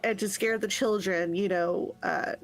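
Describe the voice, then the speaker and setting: A woman player at a tabletop game, describing what her character does. She speaks at a middle pitch and an ordinary pace, pausing with fillers as she thinks. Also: steady tone, rough recording. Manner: hesitant, with fillers.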